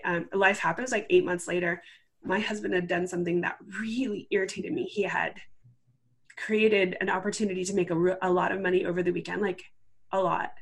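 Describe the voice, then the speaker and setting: A woman's voice: lowish voice, a bit bright. A woman guest telling a personal story in a casual, chatty way, full of "like" fillers and acting out what she once said. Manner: chatty, full of "like" fillers, acts out her own past words. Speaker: interview guest.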